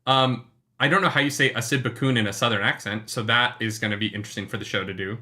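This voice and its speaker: Man, book club co-host, casual live chat, enthusiastic, profane, bright voice. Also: medium pitch, steady tone, fast. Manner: enthusiastic, swears casually, jokey.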